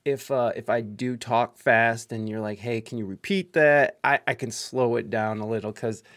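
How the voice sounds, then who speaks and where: Man, from Ohio, podcast host, fast talker, rambling, lots of fillers, mid pitch. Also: steady tone, a bit bright. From Ohio, United States. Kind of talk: casual interview on a live stream.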